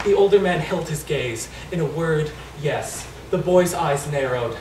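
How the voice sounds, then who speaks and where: A man with a fairly high voice reads a comic short story aloud, tripping over a word now and then. He sounds distant and roomy, with a faint noise bed. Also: normal speed, few pauses. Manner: lively reading with small stumbles. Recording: echoey room, distant mic, faint noise.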